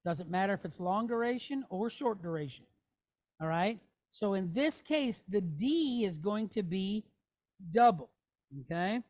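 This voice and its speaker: Speaking at a medium pitch with an expressive, slightly mellow quality, a woman teaches Hebrew to a class slowly and deliberately. She's patient, breaking words into sounds and stopping to make sure students are following before she moves on.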